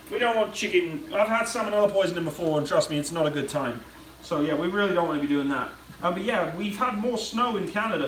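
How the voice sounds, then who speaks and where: British man, slightly high voice, rambling livestream chat, cooking at home, mic a bit far off in an echoey room. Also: slight background noise. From Britain. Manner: rambling, chatty, reads viewer comments aloud. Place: home kitchen.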